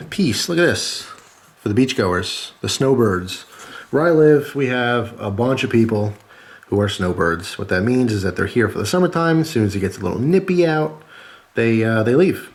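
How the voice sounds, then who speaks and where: Lower-voiced male host, casual and jokey, reading viewer cards to camera. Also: slight background noise. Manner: chatty, jokey, thanks readers warmly. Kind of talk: casual chat.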